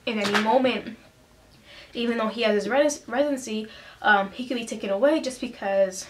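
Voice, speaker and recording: A woman's voice: on the high side, normal speed. A young American woman talking in a personal vlog, earnest and emotional, with many fillers and restarts. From United States. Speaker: vlogger. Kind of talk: casual personal vlog talk.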